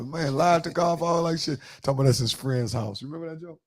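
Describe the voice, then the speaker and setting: A man's voice: a little high, fast, few pauses. A man hosting a podcast in a casual chat, telling loose, profane stories and acting out quotes. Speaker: podcast host.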